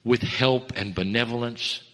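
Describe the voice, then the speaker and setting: Male channeler, mid-pitched voice, slow earnest spiritual address, long hall reverb. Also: a bit bright. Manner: measured, earnest, addresses listeners as dear ones. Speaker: channeler giving a spiritual message.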